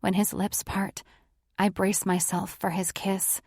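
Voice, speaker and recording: A woman's voice: mid-range voice, little pitch movement, unhurried, darkish tone, no room sound, studio quality. A woman narrating a romance audiobook in the first person, with an intimate, emotive reading.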